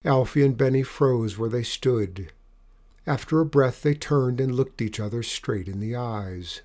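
A man narrating a storybook in an expressive, dramatic reading. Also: medium pitch, measured pace.

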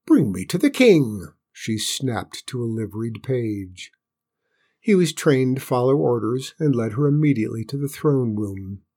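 Husky-voiced male storyteller. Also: medium pitch, measured pace, dark tone. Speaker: narrator. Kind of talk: storybook narration.

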